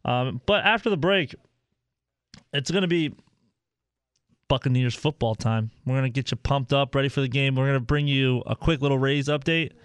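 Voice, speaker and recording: A man hosting a casual sports radio show, jokey and rambling with quick restarts. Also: medium pitch, smooth, no echo.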